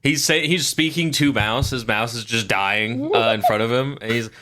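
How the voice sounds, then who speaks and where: A man's voice: mid-range voice, moderate pace, bright, forceful tone. A man playing a tabletop game, describing his character's actions hesitantly. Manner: hesitant, thinking aloud. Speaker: player.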